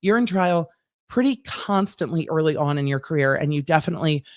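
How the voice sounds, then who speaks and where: An American woman, a former trial lawyer, hosting a live-stream and chatting through viewer comments with quick asides. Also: sits low, lively intonation, darkish tone, no room sound, clean studio sound. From United States.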